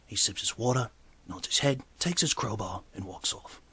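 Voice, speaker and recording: A man voicing a chatty male bartender, telling a bar story in a breathy voice. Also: lowish voice, animated, normal speed, heavily acted. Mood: gossipy storytelling. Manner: exclaims loudly, then drops to hushed asides. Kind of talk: comedic character monologue.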